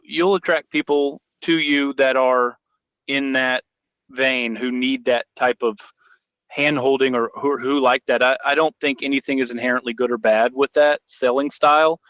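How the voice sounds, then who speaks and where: A man chats as a podcast co-host, loose and joking as he tells his stories. His voice is bright and tense. The sound is dull and lo-fi. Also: mid-range voice, clean tone, dry recording. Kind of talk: casual chat.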